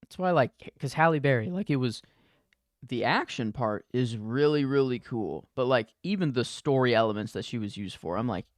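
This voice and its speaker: A man's voice: mid-range voice, animated, moderate pace, dry recording, studio quality. A man co-hosting a podcast, chatting casually about a movie in a rambling way, full of "like" and quoted bits of dialogue. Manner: rambling, many likes, acts out quoted lines. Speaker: podcast co-host. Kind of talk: casual movie review chat.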